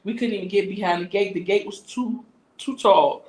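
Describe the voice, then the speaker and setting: Woman spinning a wild story on a stream, lots of slang, mid-pitched, kinda echoey. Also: normal speed. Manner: lively, animated retelling with slangy asides. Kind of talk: casual storytelling.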